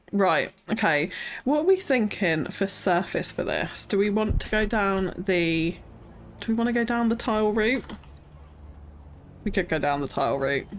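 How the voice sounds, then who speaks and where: A British woman talks casually through a live stream of a city-building game, musing aloud as she works. Her voice sits at a middle pitch. She greets viewers in chat and often slips into a nervous little laugh. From Britain. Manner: thinks aloud, chatty, frequent nervous laughs.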